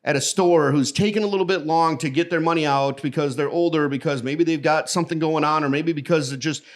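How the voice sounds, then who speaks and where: A man's voice: fairly high pitch, fast talker. A middle-aged man from the American Midwest, a podcast guest telling stories in casual conversation and acting out the voices in his anecdotes. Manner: animated storyteller who acts out the voices in his anecdotes.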